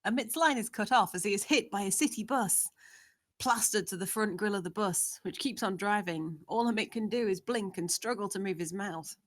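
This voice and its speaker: A woman's voice: medium pitch, normal speed. A woman narrating, steadily reading out the scene descriptions of a screenplay.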